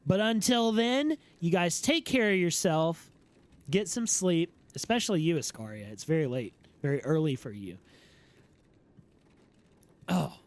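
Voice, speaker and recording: A man chatting casually with his live-stream audience while playing a game, relaxed and slangy, and sleepy. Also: a little high, unhurried, pauses often. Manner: relaxed and slangy, talking to chat. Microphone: streaming microphone.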